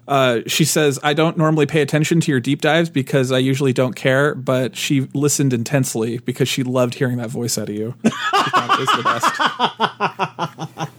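A man's voice: medium pitch, lively intonation, moderate pace, a bit bright, slight background noise. A man co-hosting a podcast in casual chat, playful and teasing, often repeating words as he goes. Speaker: podcast co-host.

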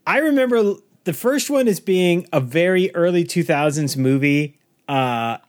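A man's voice: a little high, expressive, normal speed. Emphatic man in casual chat. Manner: emphatic, blunt opinions. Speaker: podcast co-host.

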